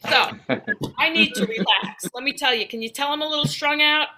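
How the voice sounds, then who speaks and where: A middle-aged woman doing a self-deprecating stand-up set, with quick punchlines and mock-soothing meditation voices. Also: high-pitched, animated, noisy background. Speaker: stand-up comic. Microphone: video call.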